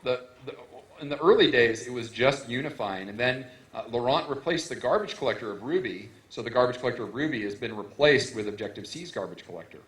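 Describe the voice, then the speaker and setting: A man's voice: mid-range voice, animated, fairly quick. A man giving a technical conference talk, explaining in a casual way with lots of fillers and restarts, into a stage microphone. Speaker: conference speaker. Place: conference hall. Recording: roomy hall echo.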